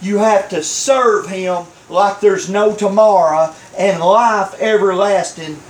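A man's voice: high-pitched, takes it slowly, slight background noise. A male pastor preaching a sermon, telling a story and acting out the voices, chuckling often. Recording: echoey room.

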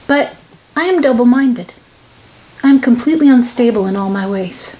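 Earnest confessional woman, slightly high voice. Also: moderate pace, long pauses, mellow, lo-fi sound, slight background noise. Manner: earnest, confessional, emotionally open. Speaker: person sharing her struggles. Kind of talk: candid personal testimony.

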